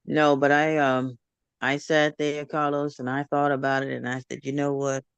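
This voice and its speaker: A man's voice: fairly high pitch, flat delivery, moderate pace, vocal fry, fairly bright tone, smooth, no echo, muffled recording. A man, a guest in a casual chat, reminiscing with emotion. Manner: reminiscing, emotional, brief interjections.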